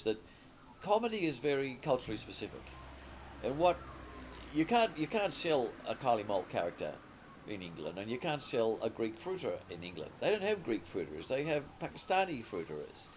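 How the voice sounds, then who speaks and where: In a conversational interview, a sixty-something Australian man who writes and produces comedy shares rambling anecdotes, often breaking off to begin again. His voice sits at a medium pitch, and there's slight noise in the background.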